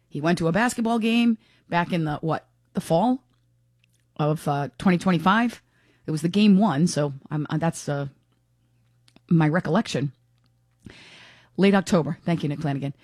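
A woman's voice: lowish voice, moderate pace, long pauses, a little mellow, dry recording, studio quality. A woman hosting a talk radio show, chatting frankly and giving her opinions in a casual, unscripted way. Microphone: studio microphone.

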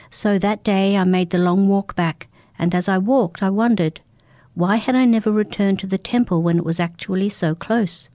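Woman storyteller, first-person folktale, warm dark voice, dry close mic. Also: medium pitch, no room sound. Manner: steady, dramatic storytelling. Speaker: narrator.

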